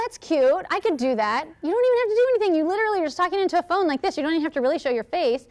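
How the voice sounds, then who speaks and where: A woman giving a lively, chatty workshop talk, answering audience questions and acting out quotes. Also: sits high. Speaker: speaker at a workshop.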